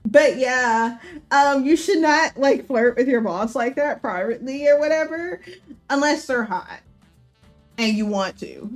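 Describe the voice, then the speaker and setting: Young woman streamer, giggly and flustered, high voice, swooping pitch. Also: animated, unhurried, faint music behind. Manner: giggly, flustered, loud outbursts. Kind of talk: reading a visual novel aloud on stream.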